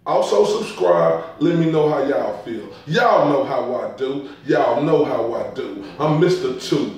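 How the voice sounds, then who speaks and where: A man's voice: medium pitch, animated, unhurried, a little mellow, distant mic. A man ranting angrily about boxing in a profane, heated vlog commentary. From Dallas area. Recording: echoey room, voice off-mic.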